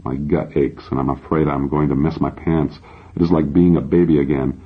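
Very deep, husky male audiobook narrator. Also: fairly even intonation, brisk. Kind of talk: first-person scripted narration. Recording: dull lo-fi recording.

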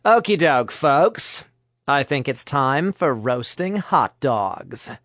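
A man voicing a calm, cheerful young woman leader who speaks measured and firmly polite. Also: mid-range voice, dry recording, studio quality. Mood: cheery.

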